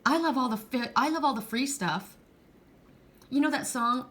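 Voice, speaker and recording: A woman's voice: high-pitched, moderate pace, a bit bright. A middle-aged woman giving a heartfelt, rambling pick-a-card reading, tearful at times. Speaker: tarot card reader.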